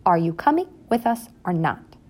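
A woman voicing a stern, bossy mother mouse who speaks briskly and sharply. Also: on the low side, big pitch swings, a little mellow.

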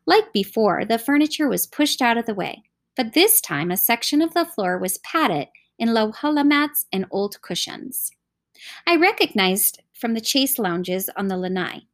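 A woman reading a novel aloud as scripted audiobook narration, expressive and animated. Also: on the high side, measured pace. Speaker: audiobook reader.

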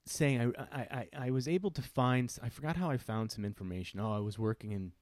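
A man's voice: mid-range voice, fast, a little mellow, no room sound. A middle-aged man hosting a podcast, telling a personal story in an earnest, reflective way that often stops and restarts. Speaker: podcast host.

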